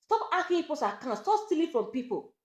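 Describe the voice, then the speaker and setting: Very high-pitched Nigerian woman pleading. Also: big pitch swings, fast, reverberant. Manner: pleading, repetitive scolding. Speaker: social media presenter. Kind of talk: talking to camera.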